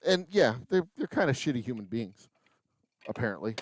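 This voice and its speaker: A man's voice: medium pitch, big pitch swings, brisk. A man hosting a live stream from his distillery, rambling through sarcastic musings and counting bottles under his breath as he works. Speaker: distiller and channel host. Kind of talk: rambling live-stream chat while working. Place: small distillery bottling room, indoors.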